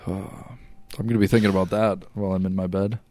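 A man's voice: deep voice, level tone, fairly quick, a little mellow, no room sound. A man co-hosting a podcast in casual chat, telling stories loosely with lots of filler words and laughter. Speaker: podcast co-host.

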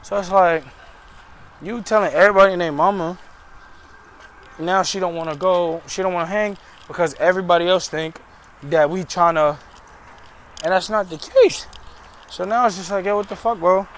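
A man's voice: high-pitched, normal speed, long pauses, a little hiss or hum. A young man telling a story about his week in a casual, slangy, venting way, recorded outdoors. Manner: slangy, venting, frank and animated. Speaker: vlogger. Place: outdoors, in and around a car.

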